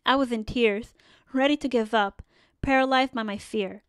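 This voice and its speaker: A woman reads a first-person memoir aloud with earnest, measured storytelling. Her voice is smooth and a touch higher than most, captured close on a studio mic with a dry, dead sound. The pacing stays even and deliberate throughout. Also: no echo. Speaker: audiobook narrator.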